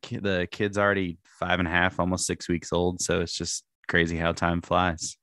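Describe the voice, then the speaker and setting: A young man with a very low, deep voice talks football on a podcast, his words tumbling out in restarts and bursts of laughter. The sound is close and dry, with no room around it. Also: moderate pace, dry recording. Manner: animated, restarts often, laughs while talking. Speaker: podcast co-host. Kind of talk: casual sports chat.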